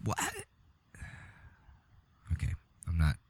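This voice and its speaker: A man's voice: takes it slowly, mellow, no echo. A man hosting a podcast in casual, profane banter, teasing his co-hosts and laughing often. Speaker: podcast host.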